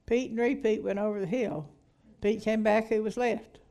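Teaching a women's Bible study, a middle-aged woman reads from a book and adds commentary peppered with hallelujahs and laughter. Her fairly high voice has a dark tone and fairly even intonation at normal speed.

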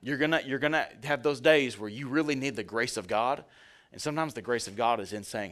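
Guy pastor preaching, chatty and jokey, talks right to the crowd, regular pitch. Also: quick pace, a bit bright. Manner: conversational, joking, direct address to the congregation. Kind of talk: sermon.

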